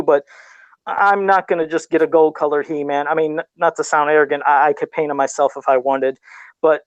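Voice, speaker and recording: A man's voice: a little high, no room sound, dull audio. A middle-aged man in casual podcast chat, laid-back and self-deprecating, often laughing at himself while talking about toy customs.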